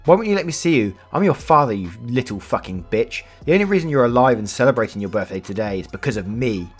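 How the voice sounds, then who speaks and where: A man's voice: medium pitch, animated, quick pace, husky, faint music behind. A man voicing a furious, abusive estranged father who screams down the phone. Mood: screaming.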